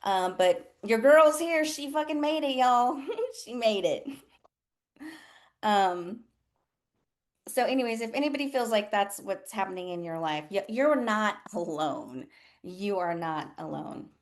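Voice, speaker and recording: A medium-pitched woman in no hurry hosts a casual livestream as a nurse coach. Frank and foul-mouthed, she laughs often and animatedly imitates others when quoting them.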